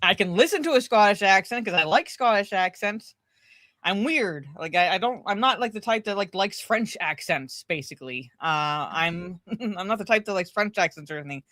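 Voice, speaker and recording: A woman's voice: mid-range voice, animated, moderate pace, a bit bright, no room sound. A woman hosting a casual pop culture podcast, rambling with many fillers and frequent laughs. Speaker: podcast host. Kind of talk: casual chat.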